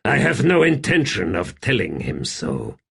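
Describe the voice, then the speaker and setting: A man's voice: on the low side, huge pitch swings, measured pace, creaky, a bit bright, husky, heavily acted. A man doing a weary dry-witted smith. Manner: dry, tired. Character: weary, dry-humored middle-aged male smith. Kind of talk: audiobook character voice.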